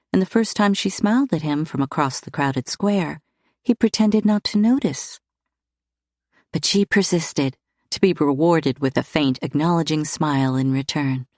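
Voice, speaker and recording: A woman narrating a romance audiobook in a measured, even reading style. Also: deep voice, dry recording, studio quality. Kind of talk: scripted narration.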